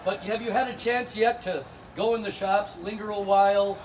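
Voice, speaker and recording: A man's voice: sits high, steady tone, moderate pace. A man telling a comic fairy tale full of spoonerisms on an outdoor fair stage, bantering with the audience. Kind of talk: live comedic storytelling with spoonerisms. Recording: live outdoor show with crowd noise.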